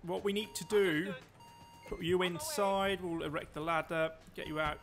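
A man giving excitable, chatty live commentary while he plays a game, joking to himself as he goes. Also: high voice, moderate pace. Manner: excitable, talks loud, quips at himself. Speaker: streamer.

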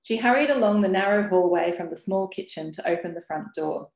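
A woman's voice: on the low side, fairly quick, creaky, a little mellow. A woman author from Australia reading from her novel and then chatting about how she wrote it on a library webinar. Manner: chatty, with many fillers and restarts. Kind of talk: book talk on a library webinar. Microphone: video call. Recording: roomy webinar audio.

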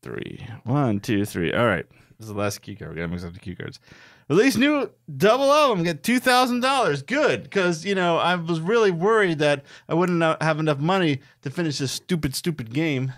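A man bantering over a board game, complaining with sarcastic jabs. His voice leaps around in pitch as he talks. The sound is close and dry, with no room echo. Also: animated, normal speed, a bit bright. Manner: sarcastic, grumbling commentary. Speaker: board game show co-host. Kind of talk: casual play-through banter.

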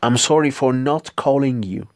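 An Ethiopian-accented man who speaks Amharic as his first language teaches English phrases to beginners. He says each phrase slowly and deliberately, then repeats it. His voice sits at an ordinary pitch and sounds close and dry, with no room echo. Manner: slow, careful repetition of model phrases. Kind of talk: language lesson.

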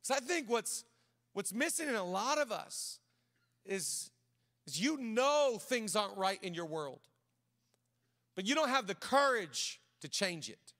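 A middle-aged male pastor preaching to a large church. His voice sits high and bright, with a long reverb trailing each phrase. He talks loosely and conversationally, restarting sentences as he tells stories. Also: very animated, unhurried, pauses often. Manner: conversational, many restarts, drops to quiet storytelling. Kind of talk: sermon with personal storytelling.

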